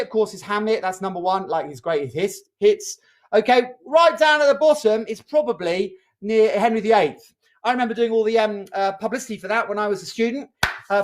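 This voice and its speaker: A community drama workshop leader running a charades game over a video call, pausing to check in with "okay?" after each clue. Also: mid-range voice.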